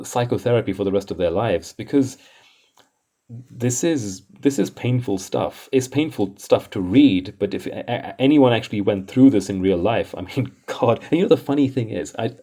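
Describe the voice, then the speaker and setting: A man's voice: mid-range voice, warm tone. A man hosting comics commentary in a casual, rambling way, exasperated and chuckling often.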